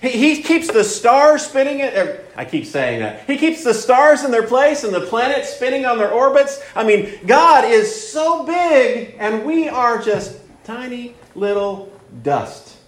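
A man's voice: very high-pitched, very animated, measured pace. A man preaching a sermon that teaches through a Bible passage, earnest, repeating words and leaning on fillers as he explains. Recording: roomy echo.

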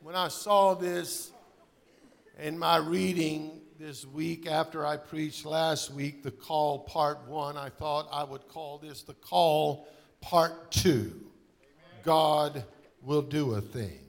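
Slow, deliberate preaching pastor. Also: male voice, on the high side, fairly even intonation, vocal fry. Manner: addresses the congregation directly. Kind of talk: sermon. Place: church sanctuary with a congregation.

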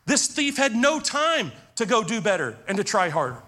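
A male pastor delivers a sermon in a voice pitched well above most men's. He preaches earnestly and often repeats a word or restarts a phrase as he presses a point. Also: big pitch swings, moderate pace, bright, forceful tone. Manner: earnest preaching, stumbles and repeats words when stressing a point.

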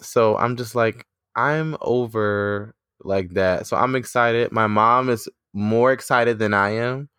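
A woman's voice: extremely low pitch, slow pace, few pauses, a bit bright, clean tone, no echo, studio quality. A woman in her twenties, a teacher co-hosting a podcast, chatting casually and laughing often.

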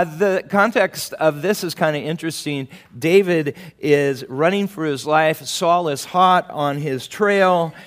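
A man preaching a sermon in a relaxed, conversational way, with asides and chuckles, acting out quoted lines with a lift in his voice. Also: fairly high pitch. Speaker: pastor.

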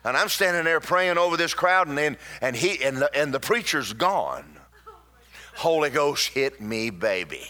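A man preaches to a church congregation, his voice bright and forward. He pitches a little high for a man and talks in an animated rhythm. He jumps into loud bursts, then drags words out slowly to hammer a point home. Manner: animated, with sudden loud bursts and slowed emphasis. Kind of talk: sermon with personal storytelling.

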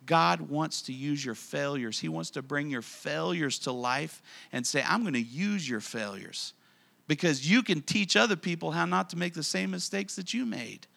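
A man preaching a sermon in a church, animated and acting out the voices of people in the stories he tells. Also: on the high side, moderate pace, creaky, few pauses. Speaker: pastor. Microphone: handheld or stand mic.

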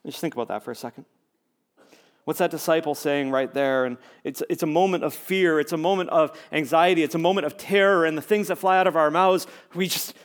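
A man gives a sermon as a pastor, his voice slightly high and his tone conversational. Emphatic refrains build up before he falls back to hushed, almost whispered moments.

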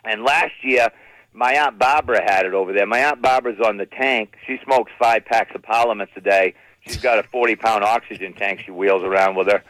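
A male comedian, doing stand-up with animated, exasperated storytelling. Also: fairly low pitch, brisk, dry recording, low-quality recording.

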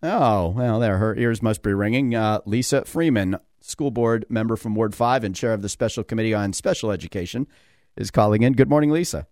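A man's voice: on the low side, brisk, a little mellow, no room sound, studio quality. A man hosting a talk radio show, telling a story animatedly with mock dialogue and frequent laughs.

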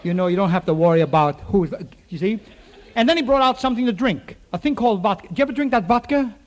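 A man telling a comic stage monologue to a live audience, with quick wisecracks and asides to the crowd. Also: high-pitched, animated. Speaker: comedian and radio show host. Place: theater studio with live audience. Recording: faint noise on an old radio recording.

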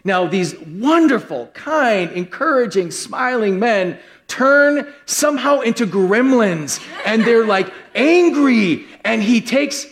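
A man preaching a sermon to a live congregation, telling a funny story with lively, joking delivery. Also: very high-pitched, slow pace. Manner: animated, joking, acts out quoted voices. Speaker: pastor. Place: church hall with a live congregation.

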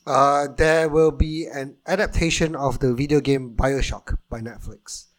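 An eager man co-hosts a casual film podcast. He explains things at length and restarts his sentences often. His voice is mid-pitched and ordinary. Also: steady tone, unhurried. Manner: eager, rambling, many restarts. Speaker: podcast co-host. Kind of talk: casual film news chat.

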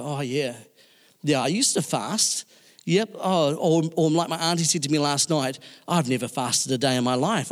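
A man delivers a sermon in a loose, chatty way, restarting phrases and filling pauses. His voice sits a bit high for a man. The sound carries a long reverb from a church hall. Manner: conversational, with many fillers and restarts. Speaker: pastor.

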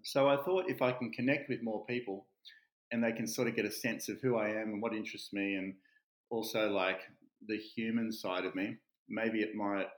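A man's voice: fairly low pitch, moderate pace. A man, a real estate agent and podcast guest, telling stories animatedly and acting out what people said. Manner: animated storyteller who acts out quotes. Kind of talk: casual storytelling interview. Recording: roomy echoey sound.

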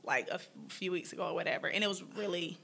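A woman's voice: fairly low pitch, fast, gravelly, pushed and bright, breathy edge. A young woman co-hosting a podcast, talking candidly and casually about feelings, with many "like"s and "y'all"s. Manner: candid, chatty, uses "like" and "y'all". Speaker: podcast co-host. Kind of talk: casual chat.

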